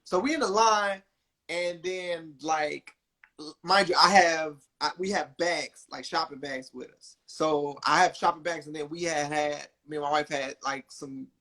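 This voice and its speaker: Young male podcast host, bright and high, casual storyteller. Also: a little slow. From New Jersey. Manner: animated, acts out quotes with big pitch jumps.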